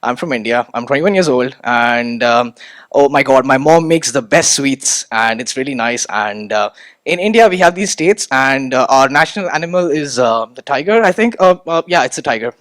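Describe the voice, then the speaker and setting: A man's voice: medium pitch, animated, moderate pace, fairly bright tone, dry recording, pitched below the performer's own voice, lightly acted. A young man putting on an awkward, rambling young man who hesitates and trails off. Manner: hesitant, full of ums and trailing off.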